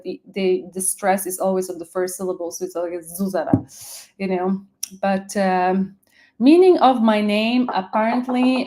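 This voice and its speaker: A woman's voice: mid-range voice, warm tone. Chatty Slovak woman hosting a live stream. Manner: rambling and chatty, greets viewers by name, many fillers. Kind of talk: casual live-stream chat.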